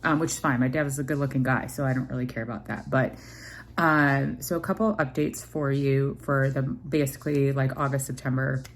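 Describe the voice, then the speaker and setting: A woman's voice: a bass voice, steady tone, fairly quick, slight background noise. A young woman chatting casually to camera in a home vlog, rambling with many fillers and restarts. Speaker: vlogger.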